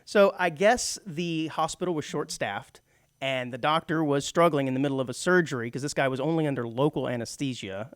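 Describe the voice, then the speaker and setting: A man's voice: on the high side, a little fast, dry recording, studio quality. A middle-aged man co-hosting a radio show, chatting casually and laughing often. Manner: chatty, laughs often, slips into mock British voices. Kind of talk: casual talk radio banter. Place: radio studio.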